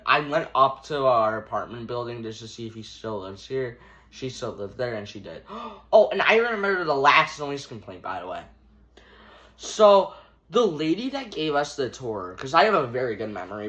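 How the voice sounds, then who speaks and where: Bright-voiced teenage guy rambling through a story. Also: mid-range voice. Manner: rambling, filler-heavy, lots of "like" and "dude"; acts out scenes with hand gestures. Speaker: storytime vlogger. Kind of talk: casual storytelling to camera.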